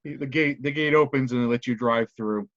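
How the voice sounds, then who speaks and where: A man's voice: medium pitch, moderate pace, a bit bright, no room sound. Male game master, loose descriptive narration, dry muffled lo-fi audio.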